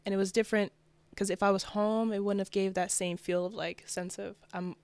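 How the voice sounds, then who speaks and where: A young woman from New Jersey chats as a podcast guest in an easy, upbeat way, full of "like" and "you know". Her voice sits at a middle pitch. The mic is close and dry. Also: level tone, brisk, a little mellow, no echo. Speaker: fashion designer guest. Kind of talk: casual interview.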